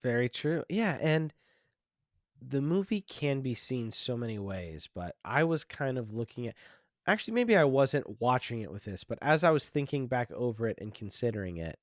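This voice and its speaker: A man's voice: medium pitch, sing-song, normal speed, no echo, studio quality. A man hosting a film podcast, talking casually and reflectively with lots of restarts and "like"s. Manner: rambling, many restarts and fillers, reflective. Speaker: podcast host.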